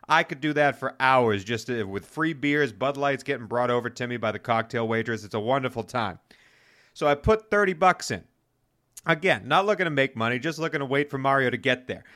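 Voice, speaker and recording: A man telling a casual story on a podcast, animated and swearing freely. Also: mid-range voice. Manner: animated, swearing, fast-talking. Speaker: podcast host.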